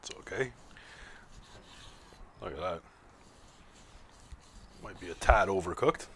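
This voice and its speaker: A man's voice: low-pitched, lively intonation, takes it slowly, a bit bright. A man hosting his own barbecue video, chatting casually while slicing and tasting. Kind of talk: casual cooking vlog narration.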